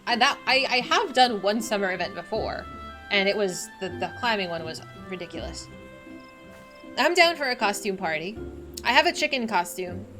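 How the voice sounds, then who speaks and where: A woman streaming a game, chatting casually in an excitable, emotional way. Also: mid-range voice, moderate pace, over music. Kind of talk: casual gameplay chat.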